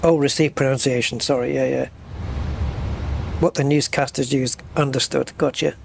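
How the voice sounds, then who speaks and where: A man's voice: medium pitch, fairly even intonation, moderate pace, gravelly, noisy background. A man streaming a flight simulator, chatting casually with viewers while flying. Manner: chatty, reads and answers chat while flying. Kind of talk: casual live-stream chat over gameplay.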